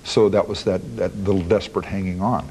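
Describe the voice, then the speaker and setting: A man's voice: low voice, fairly even intonation, a little fast, creaky, darkish tone, a little hiss or hum, poor audio. A man recounting events in an archival interview, plain-spoken and blunt, rambling through his recollections.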